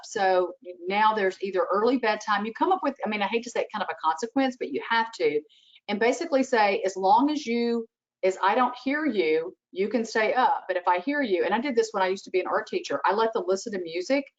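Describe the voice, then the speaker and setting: Animated female advisor on a video call; dull, lo-fi sound. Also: medium pitch. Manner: animated, acts out what she would say to a child. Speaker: webinar expert answering parent questions. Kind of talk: advice in a webinar Q&A.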